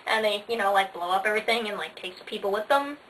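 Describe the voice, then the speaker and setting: A woman's voice: mid-range voice, fast talker, fairly bright tone. A teenage girl vlogging casually, bubbly and sarcastic, with lots of "like" fillers. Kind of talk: casual chatty vlog. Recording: faint hiss, slightly distant mic.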